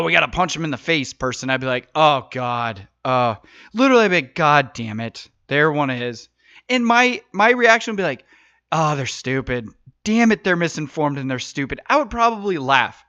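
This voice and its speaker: Bright-voiced man ranting on a podcast. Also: on the high side, no room sound. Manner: casual, rambling, swears freely. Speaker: podcast host. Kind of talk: solo podcast monologue. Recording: dull lo-fi dry mic sound.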